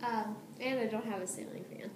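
A nervous teenage girl vlogger with a medium-pitched voice talks a little fast, rambling casually about her upcoming surgery. She giggles often and drifts off topic, recorded at home in an echoey room with faint hiss.

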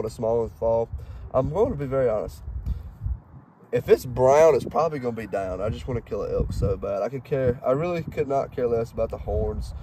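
A man's voice: mid-range voice, warm tone. A man in his twenties with a thick Southern accent, chatting in a folksy, rambling way with lots of fillers as he cleans a duck outdoors by his truck. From Mississippi. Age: 20s. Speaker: hunting guide. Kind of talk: casual talk while cleaning a duck. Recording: outdoor recording with faint background noise.

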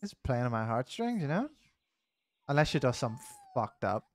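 A man's voice: medium pitch, very animated, normal speed. A man chatting casually while playing a game, swearing freely and laughing often. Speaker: gamer. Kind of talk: casual gaming chat.

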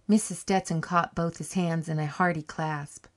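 A woman narrating an audiobook short story in a calm, measured storytelling manner. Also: low voice. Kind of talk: scripted narration.

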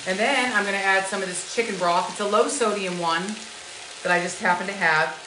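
A woman's voice: mid-range voice, fairly quick, noisy background. A woman hosting a live-stream home cooking show, effusive and greeting viewers by name with endearments. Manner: effusive, greets viewers by name and calls them sweetheart and lovies. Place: home kitchen. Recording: echoey kitchen.

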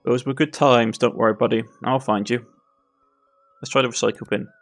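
A man's voice: mid-range voice, fairly even intonation, moderate pace, faint music behind. A man with a Cornish accent playing a game and reading its text aloud with wry, dry asides. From Cornwall. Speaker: gaming YouTuber.

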